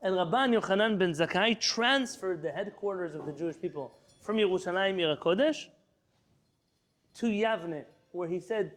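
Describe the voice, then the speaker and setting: A man with a high voice leads a class for students in the room, reading Hebrew lines aloud and then translating and explaining them. He teaches in a lively, storytelling way. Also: moderate pace. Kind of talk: lecture class.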